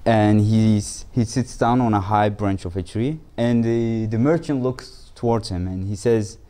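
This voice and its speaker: A man whose first language is Turkish, telling a fable as an instructor in a lesson, halting and restarting his phrases often. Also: fairly low pitch, mellow. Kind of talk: storytelling lesson.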